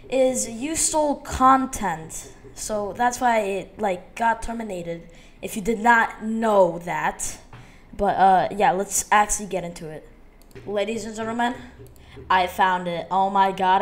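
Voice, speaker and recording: A woman YouTuber rambling through a drama commentary, laughing and mocking as she goes. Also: a little high.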